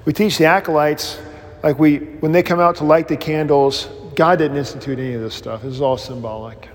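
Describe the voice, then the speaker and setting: A male pastor teaching a new member class, informal and rambling, with animated storytelling, many restarts and self-deprecating humor. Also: on the high side, a little fast, big-room sound.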